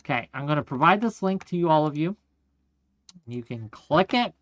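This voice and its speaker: A man's voice: fairly high pitch, animated, moderate pace, no room sound, highs cut off. Guy ranting on his stream, fired up, keeps saying okay and gang, dry close sound. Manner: forceful, repetitive, keeps asking "okay?" and calling the audience "gang". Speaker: streamer and political commentator. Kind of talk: livestream political rant.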